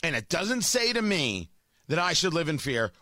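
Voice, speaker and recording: Brash, bright-voiced talk radio host. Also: male voice, on the high side, very animated, normal speed, dry recording, studio quality. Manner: brash, emphatic, joking asides. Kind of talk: opinionated talk radio monologue.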